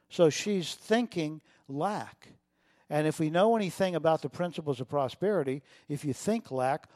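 A man's voice: a little high, dry recording, clean studio sound. Emotional storytelling male pastor. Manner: storytelling, emotional, varies loud and soft. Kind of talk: sermon.

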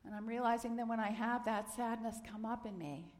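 A middle-aged woman giving a gentle, earnest sermon, sometimes dropping to a soft near-whisper. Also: a little high, brisk. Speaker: minister. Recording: long hall reverb.

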